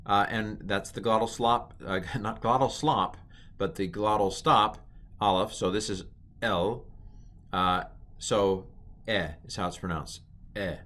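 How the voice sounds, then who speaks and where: Relaxed man teaching with many ums. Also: lowish voice. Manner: relaxed, rambling, self-correcting, many ums. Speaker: Hebrew teacher. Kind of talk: informal recorded lecture.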